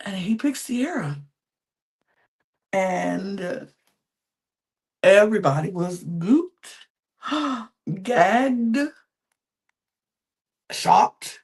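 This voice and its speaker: With a medium-pitched voice, a woman hosting a podcast goes through a reality-show recap slowly and with long pauses. Casual and animated, she imitates the contestants in little voices and leans on repeated words for effect.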